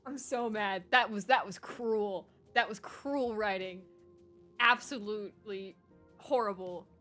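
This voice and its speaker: A young woman streamer reacting to a game story in casual, excitable, gushing talk. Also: medium pitch, a little slow, faint music behind.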